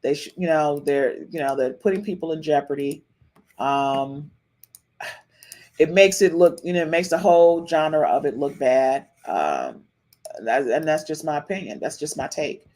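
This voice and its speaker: A woman hosting a live-stream podcast in casual chat, animated and sassy, repeating herself often. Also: low-pitched, moderate pace. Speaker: podcast host.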